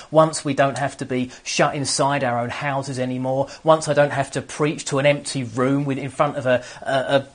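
A man preaching a sermon to an empty room, earnest and often restarting his phrases. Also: medium pitch. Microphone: camera on stands.

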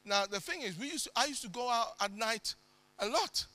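A male preacher with a high, piercing, very bright voice, recorded dry and close. He delivers a sermon with dramatic swings that break into sudden loud bursts. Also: lively intonation, a little fast, no room sound.

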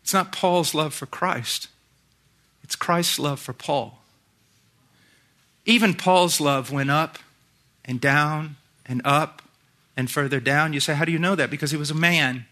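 A middle-aged man preaching a sermon, moving between hushed, intense passages and shouted emphasis. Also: a little high, a little slow, pauses often.

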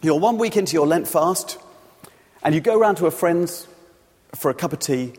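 A man's voice: on the high side, animated, normal speed, darkish tone. A man preaching a sermon, telling the story and illustrating it with everyday examples. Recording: long reverb of a large hall.

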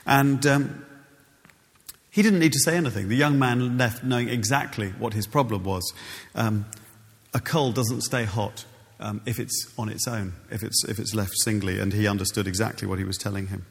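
A man's voice: on the low side, moderate pace, vocal fry, long reverb tail. A man preaching a sermon in a church, conversational with many ums and restarts.

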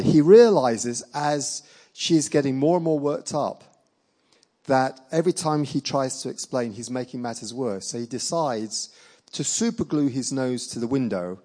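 A man preaching and telling a personal testimony as a story, acting out the dialogue with lively energy and laughing along. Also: medium pitch, poor audio.

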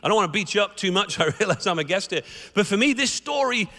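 A man preaching a sermon, his voice high and bright as he tells stories and acts out the characters. He speaks in a church sanctuary with a long, echoing reverb. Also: fast. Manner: animated storytelling, acts out the characters. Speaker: guest preacher. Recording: echoey hall reverb.

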